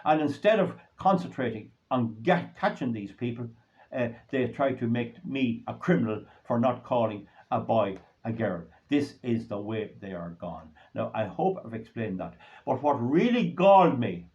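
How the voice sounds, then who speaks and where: A man's voice: mid-range voice, animated, moderate pace, a little mellow, highs cut off. An older Irish man giving an indignant solo monologue to his viewers, repeating his points with emphasis. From Ireland. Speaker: political commentator.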